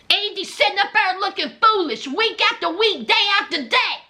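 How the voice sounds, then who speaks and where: A woman giving comedic reaction commentary on a reality show, sassy, blunt and mocking, often dropping into low muttered asides. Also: animated, moderate pace, hardly any pauses, sharp tone.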